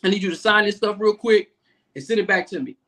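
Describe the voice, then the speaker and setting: A man who is a guest on a podcast, a Navy command master chief, telling stories in a relaxed, rambling way. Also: sits high, quick pace. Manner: relaxed, rambling storytelling with fillers. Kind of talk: casual storytelling chat.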